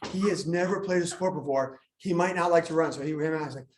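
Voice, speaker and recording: A school administrator speaks fast in a fairly high voice, with a little hiss or hum on the recording. Presenting live to parents in an echoey school meeting room, he jokes, tells funny stories and acts out students.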